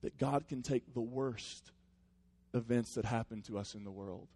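A male pastor delivers a sermon in an earnest, conversational voice of middle pitch. He talks like he is chatting with friends, then settles into quieter, reflective stretches. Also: moderate pace.

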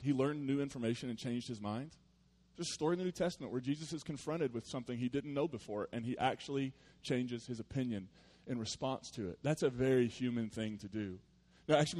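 Male pastor, mid-pitched, chatty sermon delivery, jumps from loud bursts to hushed earnest points. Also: no echo. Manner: conversational, storytelling, with playful asides; swings from loud animated bursts to quiet earnest tones.

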